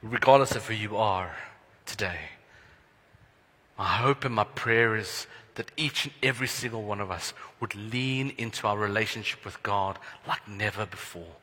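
A man pastor preaching a sermon in an earnest, prayerful way, letting his phrases trail off softly. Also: lowish voice, normal speed, slightly rough. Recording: long hall reverb.

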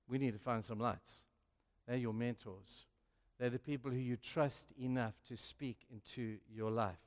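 A male pastor preaching a sermon, telling stories with sudden swings between hushed and loud. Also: medium pitch. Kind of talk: sermon with storytelling. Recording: long reverb of a large hall.

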